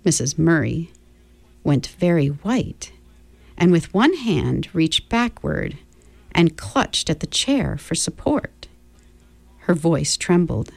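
A woman radio host reads a story aloud expressively and chats casually between songs. Her reading is slow with a lively, moving pitch and a fairly low voice. The sound is dry and close. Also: vocal fry, no room sound. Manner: warm and expressive reader, chatty between songs.

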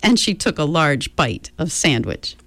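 A woman radio host reads a story aloud expressively and chats casually between songs. Her reading is slow with a lively, moving pitch and a fairly low voice. The sound is dry and close. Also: dry recording. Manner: warm and expressive reader, chatty between songs.

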